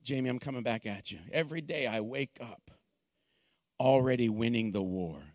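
A man preaching to a congregation, moving from joking, conversational asides to shouted, fervent proclamation. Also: mid-range voice, normal speed, no echo. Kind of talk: sermon.

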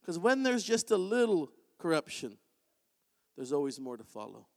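High-voiced preacher in a reverberant hall. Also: male voice, normal speed, gravelly. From Canada. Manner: animated, conversational preaching with acted-out quotes. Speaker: pastor. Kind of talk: sermon. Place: church sanctuary.

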